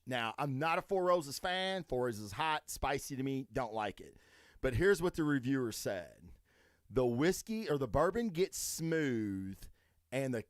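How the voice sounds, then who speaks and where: Brief: crude, swearing Southern man hosting a podcast, animated delivery, dead-dry room. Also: mid-range voice, clear, resonant tone, no echo. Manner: rambling, swears a lot, crude joking. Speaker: podcast host. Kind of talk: casual profane chat.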